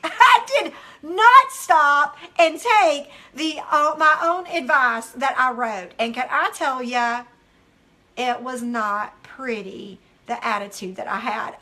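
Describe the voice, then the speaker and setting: Bright, high-voiced woman giving devotional teaching. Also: slow pace. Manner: animated, candid storytelling that acts out its own quotes. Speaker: devotional author and speaker.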